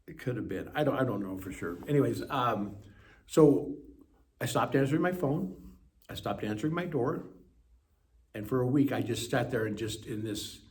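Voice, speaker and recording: A man as an interview guest, telling his story in an animated way with quick bursts. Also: mid-range voice. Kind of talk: personal storytelling.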